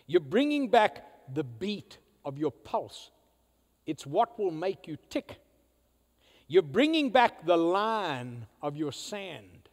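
A male pastor preaching a sermon, swinging from loud emphatic declarations to hushed, quiet asides. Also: sits high, very animated, a little slow. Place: church sanctuary. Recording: church hall reverb.

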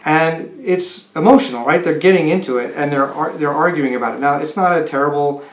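A man's voice: on the high side, fairly quick. A man working as a college admissions counselor, explaining to students in a conversational way with rhetorical questions. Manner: conversational, with many restarts and rhetorical "right?". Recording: roomy echo.

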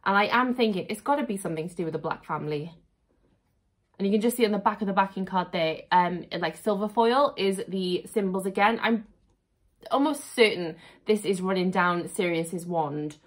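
A woman vlogger chatting casually at home while unboxing, gushing and excitable, often repeating "really, really". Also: mid-range voice, normal speed.

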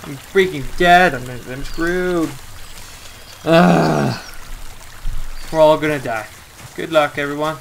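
Excitable young gamer guy, higher voice. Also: slow pace, gravelly, long pauses, a little hiss or hum. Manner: excitable, melodramatic outbursts, mild swearing. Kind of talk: let's-play commentary. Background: game music.

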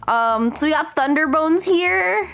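A woman's voice: sits high, animated, measured pace, creaky, a bit bright, faint music behind. A woman hosting a casual live stream, chatting in a bubbly, gushing way with lots of slang. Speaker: streamer host.

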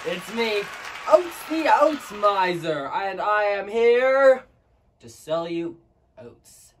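A young performer playing a boastful, shady male oat salesman who rambles erratically and jumps to sudden shouts. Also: mid-range voice, big pitch swings, slow pace, a faint crowd, slight background noise. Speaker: salesman character. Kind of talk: comedic sketch acting.

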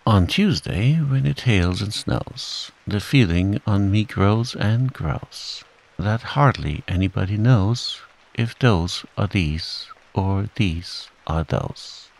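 A gentle, simple-minded young bear speaks in an earnest, hesitant storybook voice, as a man reading aloud puts him on. The pitch sits a little above the reader's own low voice, with a gravelly edge. He moves slowly and carefully. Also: lively intonation, heavily acted.

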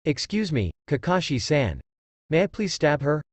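A man's voice: fairly high pitch, very animated, normal speed, no room sound. A man voicing a polite but menacing male swordsman ninja in a fanfic reading. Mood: pleading.

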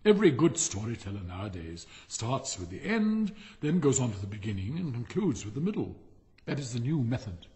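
A man's voice: mid-range voice, big pitch swings, fairly quick, warm tone, close to an everyday voice. A man voicing a vain, self-important water rat with a pompous, know-it-all manner.

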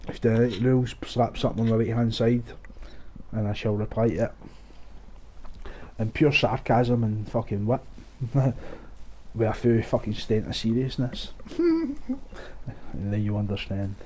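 Sweary gamer with mellow voice. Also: male voice, on the low side, steady tone, a little slow, long pauses, slight background noise. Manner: sweary, sarcastic, laughing often. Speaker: gaming streamer. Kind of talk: casual gameplay commentary. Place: at home. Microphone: headset.

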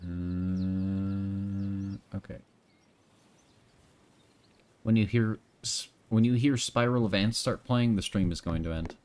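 A man's voice: low voice, steady tone, slow, long pauses, a little mellow. A young man chatting offhand with his viewers while playing a game, drifting from one tangent to the next. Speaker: streamer. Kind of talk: casual live-stream chat while playing a game.

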